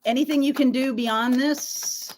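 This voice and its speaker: Woman, tarot reader, live stream host, sore throat, clears throat often, reassuring, emphatic. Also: high voice, fairly even intonation, unhurried, a little mellow, slight background noise. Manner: reassuring, emphatic, peppered with "okay?". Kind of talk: live tarot reading, chatting with viewers.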